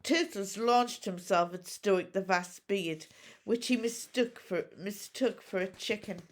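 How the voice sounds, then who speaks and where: Woman teacher, unhurried storybook read-aloud, expressive. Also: mid-range voice.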